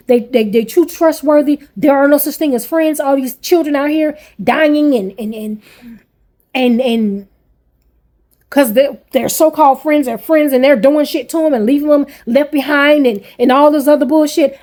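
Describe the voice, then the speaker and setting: A woman's voice: high-pitched, moderate pace, dark tone. A woman in her forties venting angrily to camera as a parent, blunt, swearing heavily and repeating herself. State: angry. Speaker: parent vlogger.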